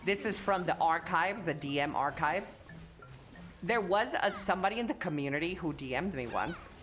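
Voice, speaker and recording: A woman's voice: lowish voice, expressive, normal speed, fairly bright tone, soft background music. A young woman streamer chatting casually and crudely with her chat, teasing and joking. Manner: profane, teasing, talks to chat.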